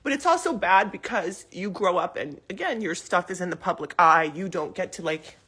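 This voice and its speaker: Bright, husky-voiced woman, emotional. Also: medium pitch. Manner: emotional, defensive, rambling with many fillers. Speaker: mother addressing the public. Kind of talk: casual live video statement. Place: living room at home.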